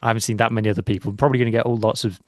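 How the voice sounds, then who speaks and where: A man's voice: fairly low pitch, fairly even intonation, rapid-fire, dry recording, clean studio sound. A man co-hosting a rugby podcast, chatting casually in a chatty, self-deprecating manner. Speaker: podcast co-host. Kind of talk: casual chat.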